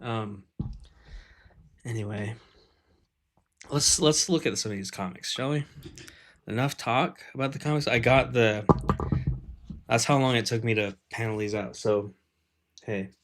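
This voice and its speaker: A man's voice: mid-range voice, a little slow, pauses often, noisy background. A man in his thirties, an artist on a live stream, rambling casually with lots of fillers and self-deprecating asides.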